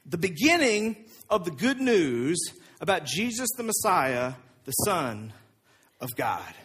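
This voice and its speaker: A man voicing an aging male apostle, weary but certain, in a low, husky voice. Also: sing-song, slow, a bit bright, exaggerated voice. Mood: solemn.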